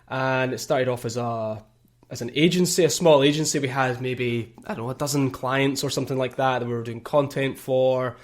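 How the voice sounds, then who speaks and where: A Scottish man speaking as a guest on a podcast, chatting in a relaxed way, with many fillers and the odd laugh. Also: medium pitch. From Scotland. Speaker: guest, content marketing teacher. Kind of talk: casual podcast interview.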